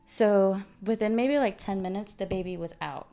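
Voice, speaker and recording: A woman's voice: mid-range voice, normal speed, vocal fry, mellow, faint music behind. A young adult woman, a podcast guest, telling a personal story in casual chat. She acts out the dialogue and often says "dude" and "like".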